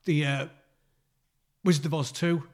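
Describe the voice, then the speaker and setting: A man's voice: on the high side, fairly even intonation, measured pace. A man co-hosting a podcast, chatting playfully and often tripping over his words. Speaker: podcast co-host. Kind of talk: casual chat.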